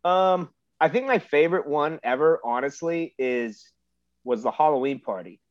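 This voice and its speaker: Dude swapping old stories, kinda high voice, dull dry sound, super laid-back. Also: male voice, moderate pace, dry recording. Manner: relaxed, laid-back storytelling with lots of fillers. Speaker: podcast guest, pro wrestler. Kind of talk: casual storytelling chat.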